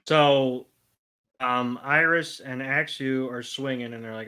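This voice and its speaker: Male podcast co-host, relaxed, joking, casual recap. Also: mid-range voice, slow, smooth, poor audio. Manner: laid-back, joking asides with mild swearing. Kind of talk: casual episode recap chat.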